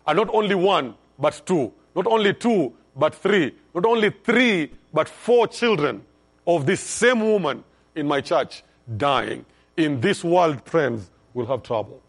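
Guy preaching a sermon, kinda high voice, drops quiet then booms, gets the church to say it back. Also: expressive, unhurried. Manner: call-and-response preaching with swings from soft to loud. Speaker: pastor.

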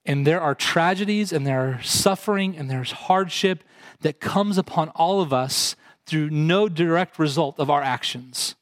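A man's voice: on the high side, unhurried, no room sound. A man preaching a sermon, earnest, putting direct questions to his congregation. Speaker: pastor.

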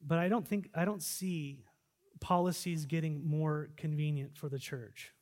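A pastor preaching a sermon, swinging between loud fervent exhortation and quiet reflective asides. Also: male voice, on the high side, fairly even intonation, unhurried. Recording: long reverb of a large hall.

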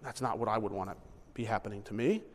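A man's voice: fairly low pitch, fast, long reverb tail. A man preaching a sermon in a conversational style, acting out little asides and correcting himself mid-sentence. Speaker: pastor.

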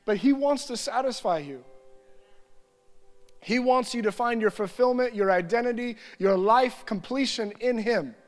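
High-voiced male pastor in a reverberant hall. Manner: earnest, repetitive lists, drops to quiet prayerful reading. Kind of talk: sermon.

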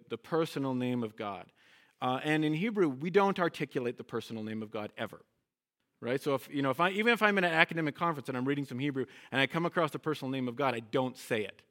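A man's voice: mid-range voice, fairly bright tone. A man, a guest Hebrew teacher, leading a congregation through a lesson with call and response and checking in often with "okay?" and "right?".

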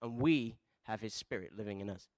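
A man's voice: fairly quick, no room sound. Male preacher, dry close sound. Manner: preaching with rhetorical questions and call-and-response; swings between soft, low asides and loud emphatic peaks. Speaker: pastor. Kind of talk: sermon.

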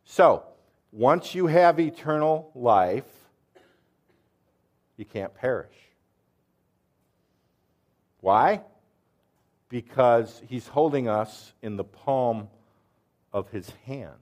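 A man's voice: mid-range voice, lively intonation, extremely slow, pauses often, darkish tone. A man preaching a sermon, explaining verses earnestly and quizzing his listeners with questions. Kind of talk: sermon with quiz questions to the audience.

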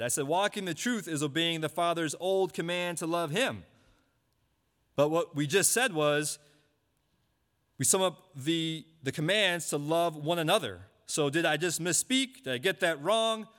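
A man preaching a sermon, asking rhetorical questions and repeating key points slowly. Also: a little high, lively intonation, a bit bright. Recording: long hall reverb.

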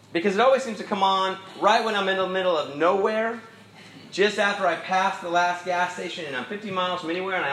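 A man's voice: sits high, a bit bright, roomy sound, rough recording. Conversational middle-aged man preaching. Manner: conversational storytelling with self-deprecating asides. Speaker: pastor. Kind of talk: sermon.

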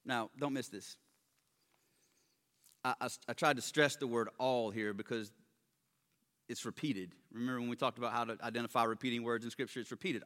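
A man preaching a sermon, swinging between loud emphatic stresses and quiet low asides, with joking remarks. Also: brisk. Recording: long hall reverb.

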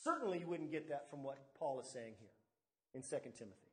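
A man's voice: medium pitch, expressive, fast talker, a bit bright. A man preaching a sermon as pastor, teaching and leaning hard on key words, with asides to the congregation. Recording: echoey room.

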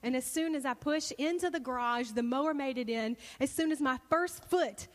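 A woman preacher telling a personal story in a sermon, animated and expressive. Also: high voice, normal speed, in a large hall.

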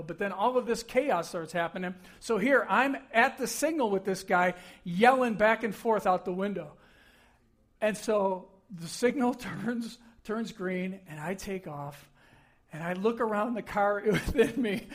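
A middle-aged man preaching a sermon in a high, light voice. He talks casually, like he's telling a story to friends. When he replays an argument he gets worked up and animated. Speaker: pastor.

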